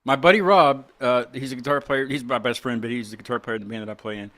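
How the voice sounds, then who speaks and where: A man's voice: mid-range voice, fast talker, a bit bright. A man from Virginia, hosting a casual chat, rambling and laughing often. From West Virginia. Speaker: podcast host.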